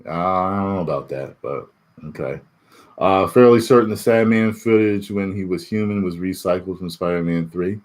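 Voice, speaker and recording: A man's voice: deep voice, moderate pace. A man and YouTube reviewer in casual spoiler talk, reading chat questions aloud and laughing often. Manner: animated, laughing, swings between loud and muttered.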